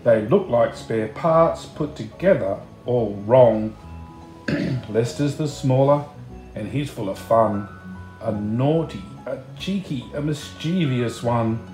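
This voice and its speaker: A man reading a picture book aloud, slow and expressive, chatting to the listener between pages. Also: medium pitch, echoey room, faint music behind. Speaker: storybook reader.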